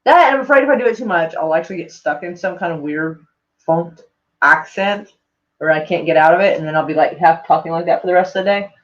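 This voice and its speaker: A man live-streams in a loose, meandering chat, talking quickly in a voice on the high side. He leans heavily on "like," swears freely, and has a mild speech impediment, all through dull lo-fi home stream audio.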